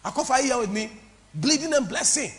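A woman pastor from Ghana, preaching a sermon to a congregation in an impassioned, repetitive, sing-song way that swings between soft and loud. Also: high voice, animated, quick pace. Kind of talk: preaching a sermon with call-and-response. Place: church before a congregation.

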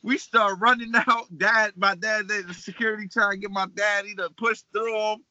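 A man from Pittsburgh, a hip-hop artist guest, telling animated, profane stories in a casual podcast chat and laughing often. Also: high-pitched, moderate pace, dry recording. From Pittsburgh, Pennsylvania. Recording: dull, dry lo-fi recording.

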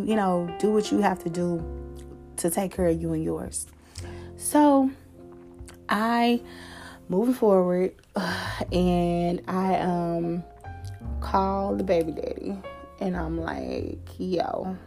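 A woman's voice: on the low side, vocal fry, dark tone. Candid young woman telling a story. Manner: candid, profane, conversational with fillers. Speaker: podcast host. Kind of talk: casual storytelling monologue.

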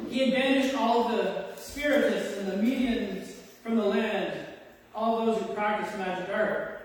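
A man's voice: sits high, fairly even intonation, measured pace. A man preaching a sermon and reading scripture, asking his listeners rhetorical questions in a conversational way. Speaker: pastor. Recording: echoey hall, voice from a distance.

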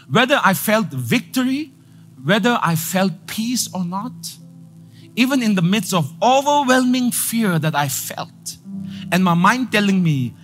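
A male pastor preaching a sermon, repeating lines for emphasis and building to loud declarations. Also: high-pitched.

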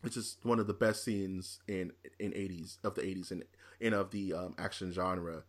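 A man hosting a casual film review chat, rambling through scene retellings with excitement. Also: low voice, moderate pace.

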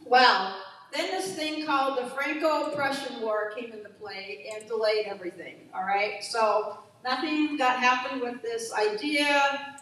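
A woman's voice: on the high side, unhurried, bright, forceful tone. A middle-aged woman chatting casually, sharing facts and laughing at herself. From United States. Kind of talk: casual chat. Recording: echoey room, voice from far off.

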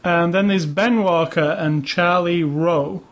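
A man's voice: fairly high pitch, fairly even intonation, takes it slowly. Dry-humored British man reviewing films. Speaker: film review podcast co-host. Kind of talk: casual chat.

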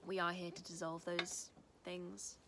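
A woman's voice: on the low side, completely flat delivery, a little slow, noisy background. Earnest rambling woman vlogger. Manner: earnest, rambling, baby-talks to dogs. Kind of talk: casual spiritual vlog. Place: house, indoors and outdoors with dogs.

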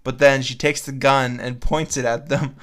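A young man co-hosting a comedy podcast, reading aloud in a loose, offhand way. His voice sits at an ordinary middle pitch. He laughs often and drops crude jokes. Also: level tone, moderate pace. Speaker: podcast co-host. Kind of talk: casual chat, reading fan fiction aloud.

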